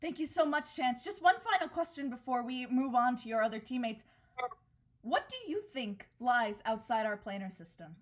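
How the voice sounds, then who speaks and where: A woman's voice: fairly high pitch, expressive, normal speed, natural voice. A woman voicing a bubbly female TV talk-show hostess who chirps her questions. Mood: chirpy. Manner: chirpy, showy interviewer.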